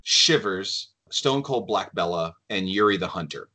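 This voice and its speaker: A man with a fairly low voice talks as a podcast guest. He is easygoing and self-deprecating, working through his thoughts out loud in relaxed conversation. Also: measured pace. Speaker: lead game developer, podcast guest. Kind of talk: casual podcast chat.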